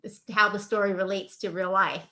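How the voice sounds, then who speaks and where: A woman, a homeschooling mother, chatting on a casual panel in a lively, playful way. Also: mid-range voice, moderate pace. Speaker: homeschool mom.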